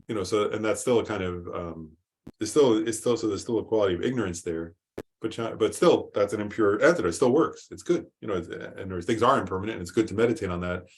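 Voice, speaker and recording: Man with a lowish voice, casual Dharma class teacher, loose and chatty with lots of "right?". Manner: conversational, rephrases with frequent "right?" and "um". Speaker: Buddhist teacher.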